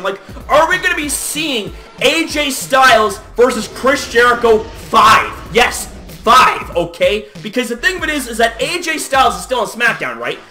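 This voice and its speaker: A young man recapping wrestling results in an excitable vlog rant, swearing often and acting out his own shocked reactions. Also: very high-pitched. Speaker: wrestling vlogger.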